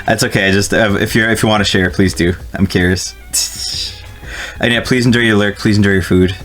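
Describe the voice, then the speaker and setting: Laughing, swearing game streamer. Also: male voice, fairly low pitch, steady tone, normal speed, fairly bright tone, soft background music. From New Jersey. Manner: laughs often, swears and reads game text aloud. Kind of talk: casual let's-play commentary.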